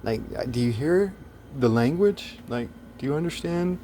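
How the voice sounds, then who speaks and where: Male storyteller, soft mellow voice, profane and exasperated, restarts his sentences often. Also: a little high, animated, normal speed, slight background noise. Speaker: self-described philosopher telling a story. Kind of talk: casual storytelling monologue.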